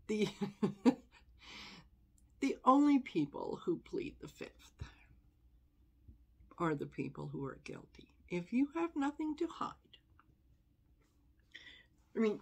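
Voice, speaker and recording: A woman's voice: medium pitch, darkish tone, husky. A woman tarot reader giving casual, conversational commentary, with exasperated asides and frequent laughter.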